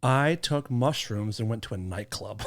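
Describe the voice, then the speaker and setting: Very low-voiced woman with wry remarks. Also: expressive, a little slow. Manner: dry, wry one-liners and frank asides. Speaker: podcast co-host. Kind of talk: casual chat.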